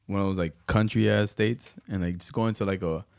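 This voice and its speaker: A man's voice: fairly low pitch, steady tone, fairly quick, creaky, darkish tone, no echo, studio quality. A man with a Miami accent chatting casually on a podcast, laid-back and loose, full of "bro" and "like". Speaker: podcast co-host. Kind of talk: casual chat.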